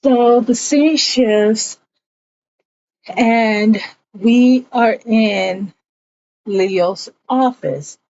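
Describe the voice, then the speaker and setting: Speaking a little high and a bit mellow, this woman draws out her words and leaves long pauses. She's a TV reviewer casually retelling an episode and performing snippets of the characters' dialogue. The recording sounds dull.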